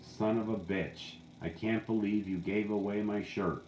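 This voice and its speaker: A man voicing a furious departed loved one, cursing in slow, exaggerated outrage, in an echoey room. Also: fairly low pitch, fairly even intonation, natural voice. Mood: mock fury. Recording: echoey room, faint background hum.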